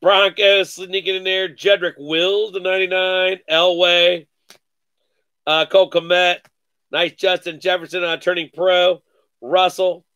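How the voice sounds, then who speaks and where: A man hosting a live sports card break, calling out each card with excited slang and cursing. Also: high-pitched, smooth, no room sound, highs cut off. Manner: excited, calls out cards rapidly with slang and cursing.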